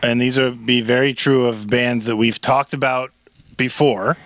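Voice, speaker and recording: A man's voice: medium pitch, steady tone, a little slow, a bit bright, dry recording. A man co-hosting a podcast in casual chat, searching for words and then driving points home emphatically. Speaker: podcast co-host.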